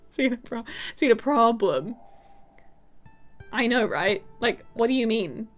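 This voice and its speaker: A woman's voice: a little high, expressive, measured pace, faint music behind. A young woman streaming a game and chatting casually and giggly with her viewers. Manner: chatty, giggly, talks to chat. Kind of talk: casual gaming stream chat.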